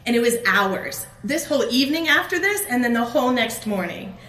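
A middle-aged woman telling a personal story as a conference speaker at a faith event, animated and acting out her own outbursts. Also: a little high, brisk. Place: conference hall. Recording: echoey room with faint ambience.

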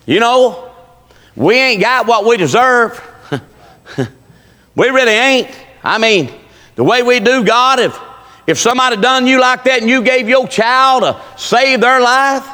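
A preacher man with a high, bright, ringing voice. He tells folksy stories in plain dialect and builds to shouts. His voice carries through a reverberant church hall. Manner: folksy storytelling with Southern dialect, rising to shouts. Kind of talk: sermon.

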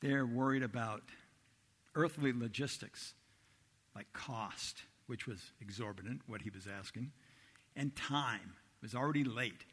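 A male pastor delivers a sermon with bright, pressing energy and a slightly husky edge. He tells the story with lively acted-out voices. His voice rings through the long reverb of a large hall. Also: mid-range voice, a little slow. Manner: animated storytelling, acts out disciples' voices.

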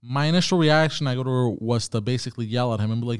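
A man's voice: medium pitch, fast, clean tone, dry recording, studio quality. A man hosting a podcast, telling a story in a casual, profane way with many fillers and restarts. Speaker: podcast host.

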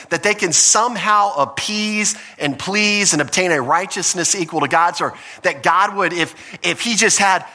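A man's voice: on the high side, pushed and bright, long reverb tail. A man preaching a sermon as pastor, earnest and teaching, often restarting his phrases.

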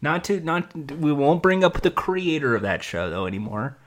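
A podcast host chatting casually, quick to joke and laugh. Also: medium pitch. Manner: lively, laughing, quick quips.

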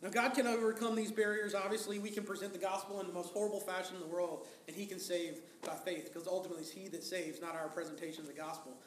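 Man, pastor, sermon, conversational, rhetorical questions, high voice, echoey church room. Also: steady tone, fast, few pauses, a little hiss or hum. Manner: conversational preaching, rhetorical questions and acted-out quotes.

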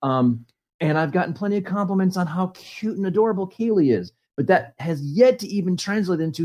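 A man tells a rambling, self-mocking story on a podcast, with lots of false starts. His pitch swings widely as he warms up to the tale. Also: fairly quick. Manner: animated, stumbling storyteller with lots of restarts. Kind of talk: casual storytelling.

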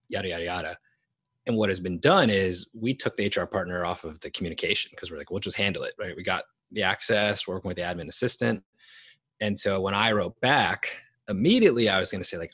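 A man co-hosting a podcast, talking things over in a thoughtful, unhurried way with fillers. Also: low voice, a bit bright, no echo. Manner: thoughtful, drawn-out phrasing with fillers. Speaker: podcast co-host. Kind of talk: reflective conversational podcast talk.

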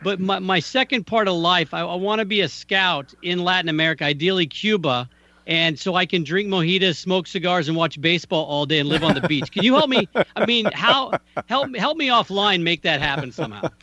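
A male co-host on a radio sports show, talking with eager, joking energy. His voice is fairly high, with a bright, forceful edge. The sound is a bit dull and dry. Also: animated, fairly quick, dry recording. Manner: enthusiastic, joking.

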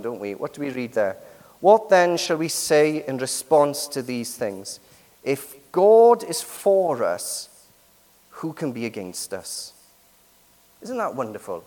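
A man preaching a sermon with lively emphasis, many rhetorical and tag questions to the congregation. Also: mid-range voice. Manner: lively, rising and falling emphasis. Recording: long hall reverb.

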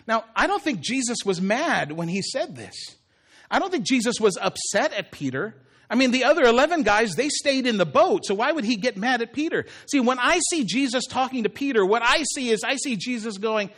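A man's voice: high-pitched, expressive, normal speed, fairly bright tone. A male pastor delivering a conversational sermon in church, acting out the words of the story as he goes. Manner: conversational preaching, acts out Jesus' words.

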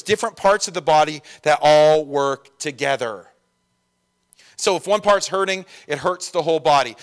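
A man's voice: on the high side, fairly bright tone. A young man preaching a conversational sermon, chatty and joking at his own expense, with lots of "like" and "right?". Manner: chatty, jokey, self-deprecating, lots of fillers. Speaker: pastor.

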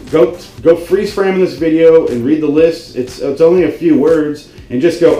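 A man's voice: on the high side, lively intonation, moderate pace, warm tone, echoey room, faint music behind, low-quality recording. A man hosting a video, delivering a comedic grammar rant that is profane, exasperated and sarcastic. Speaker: video host.

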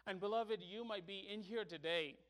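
Male pastor, high-pitched voice, earnest sermon delivery building to emphatic peaks. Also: normal speed, a bit bright. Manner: earnest preaching, rising to emphatic pleading.

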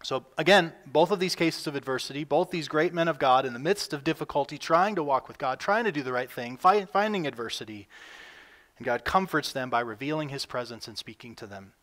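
A man's voice: fairly quick, a bit bright. Earnest male pastor preaching. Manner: earnest, rises in pitch and volume when reading scripture. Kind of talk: sermon.

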